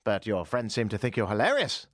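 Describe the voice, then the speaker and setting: A man hosts a late talk radio show in a casual, self-mocking way. His voice moves lively up and down in pitch. The studio sound is dry and close. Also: brisk, dry recording. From England. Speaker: radio host. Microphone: studio mic.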